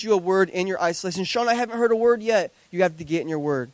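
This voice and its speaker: A pastor in his thirties with a high, bright-sounding voice delivers an animated sermon to a church congregation. His delivery is conversational and peppered with joking asides, and the sound is close and dry with no room echo. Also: fast, hardly any pauses. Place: church service before a congregation.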